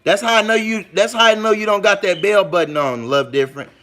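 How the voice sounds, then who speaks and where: Slangy, fairly high-voiced man on a livestream. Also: fairly quick, fairly bright tone. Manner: loose, slangy, talks straight to viewers; emphatic, repeats points for weight. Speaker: livestream host reading the chat. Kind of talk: casual livestream chat.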